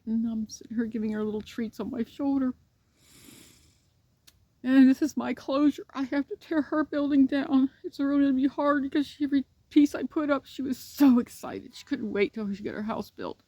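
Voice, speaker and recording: A woman talking casually to the camera beside her dog's pen, tearful and grieving, speaking haltingly with many pauses and restarts. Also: medium pitch, darkish tone, no room sound. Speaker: pet owner vlogger. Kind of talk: casual personal vlog.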